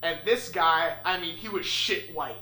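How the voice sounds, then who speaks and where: A young man casually telling a funny story, animated and swearing, acting out the people in it. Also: fairly high pitch, unhurried. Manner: animated, swearing, acts out voices. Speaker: podcast host. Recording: echoey room with faint noise.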